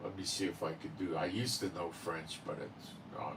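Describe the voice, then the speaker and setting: A man's voice: low voice, steady tone, moderate pace, far from the mic, background noise. A man hosting his own channel, talking in a rambling casual monologue full of fillers and "okay?" tag questions. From Israel. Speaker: channel host.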